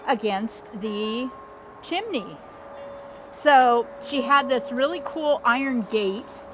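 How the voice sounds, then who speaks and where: A woman's voice: on the high side, background noise. A middle-aged woman hosting a casual backyard walkthrough, chatty and upbeat, recorded outdoors. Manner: chatty and upbeat, with small restarts. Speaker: landscape designer and channel host.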